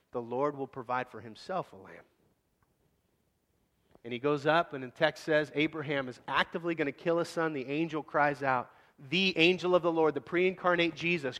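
A man preaching a sermon in a casual, animated way, acting out scenes. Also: a little high, long reverb tail. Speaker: pastor.

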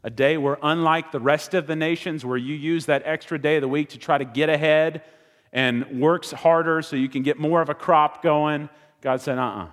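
A man in his thirties preaching a sermon, telling lively stories and getting loud when he makes a point. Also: on the high side, normal speed. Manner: animated storytelling, rising to loud exclaiming. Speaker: pastor. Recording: long hall reverb.

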